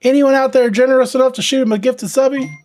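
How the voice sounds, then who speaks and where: A woman's voice: high-pitched, steady tone, fast talker, darkish tone. A woman hosting a casual livestream, chatting playfully with viewers and talking to her dog. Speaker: livestream host.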